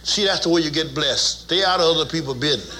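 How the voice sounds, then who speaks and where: A pastor preaching to his congregation in a high, bright voice. He teases and jokes in a folksy way, then leads the in call-and-response. Each line comes with plenty of swing. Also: fast talker, a little hiss or hum. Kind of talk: sermon.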